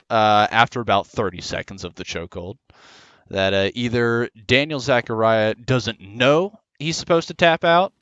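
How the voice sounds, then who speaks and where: Low-voiced young man rambling a story. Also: fairly bright tone, clear, resonant tone, no echo, lo-fi sound. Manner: rambling, lots of "you know" and "uh". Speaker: gamer telling a story. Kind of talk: casual storytelling over voice chat while gaming.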